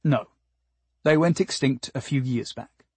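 A man's voice: medium pitch, unhurried, darkish tone, husky, no echo. A man voicing a flustered human man who stammers and answers awkwardly, in an audiobook. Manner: hesitant, stammering. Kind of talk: audiobook character voice.

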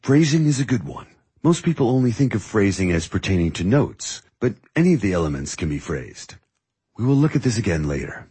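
Here is a calm, wry music mentor, read by a man whose low, husky voice rises and falls a great deal as he teases his student. He speaks in a patient, measured way, like a teacher handing out lessons one at a time. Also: exaggerated voice. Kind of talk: audiobook dialogue.

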